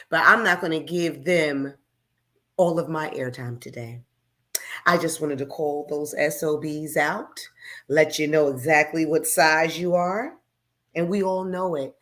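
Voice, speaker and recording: A woman hosting a radio talk show, talking off the cuff in a blunt, profane, heated way, dropping to low mutters and then rising to loud outbursts, into a studio microphone. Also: a little slow. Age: adult, raising children. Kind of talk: unscripted radio talk monologue.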